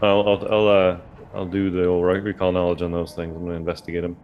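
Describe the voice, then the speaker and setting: A man playing in a tabletop game, jumping in eagerly and quickly. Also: low-pitched, level tone, dull audio, slight background noise. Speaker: player. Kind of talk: casual tabletop play.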